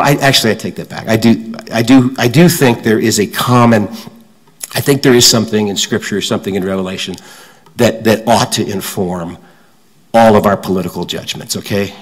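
An older man from suburban Washington, giving a fireside talk as guest speaker, halting and restarting often, with self-deprecating humor. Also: fairly low pitch, long reverb tail, rough recording. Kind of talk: fireside talk with audience questions.

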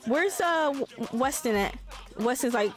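A woman's voice: high voice, unhurried, over music. A woman hosting a let's play, giving casual, swear-filled commentary and chatting with her game characters. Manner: animated, swearing, voices the characters.

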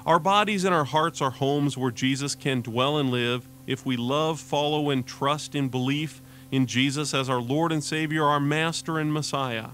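A man's voice: mid-range voice, fairly bright tone, slight background noise. Earnest male radio preacher narrating. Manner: earnest, measured preaching delivery. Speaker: radio devotional host. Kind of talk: scripted sermon narration.

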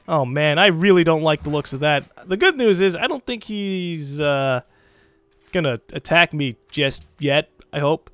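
A young man giving casual, excitable commentary while playing a strategy game, swearing and teasing the computer opponents. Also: a little high, a little slow, clear, resonant tone, no room sound, faint music behind. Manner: excitable, swears, mocks game leaders in put-on voices. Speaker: let's play gamer.

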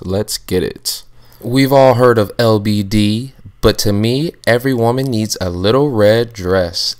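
A man's voice: fairly low pitch, smooth, close to an everyday voice. A man doing a comedic voiceover as his young wife, playing a sassy fashion vlogger who shows off her outfits in a playful, boastful, teasing way.

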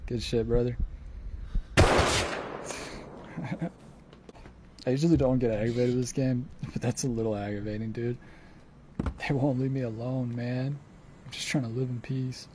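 A man's voice: medium pitch, steady tone, unhurried, long pauses, background noise. Swearing man streaming a game. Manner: swears a lot, flips between laid-back and exasperated. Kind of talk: casual gaming stream commentary.

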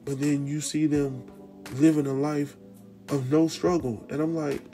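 A man casually recapping a TV drama episode, animated and slangy, speaking straight to his viewers. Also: a little high, measured pace, faint music behind. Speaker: TV recap host.

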